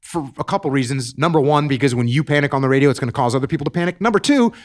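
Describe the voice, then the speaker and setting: A man's voice: medium pitch, expressive, very fast. A middle-aged man, a military veteran guest, giving earnest advice in an emphatic way, often repeating and restarting his words. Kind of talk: podcast storytelling and advice.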